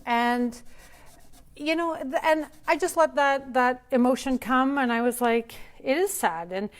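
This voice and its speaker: A woman's voice: high voice, fairly even intonation, a little slow. A woman painter hosting a live open studio, chatting and thinking aloud as she demonstrates her process.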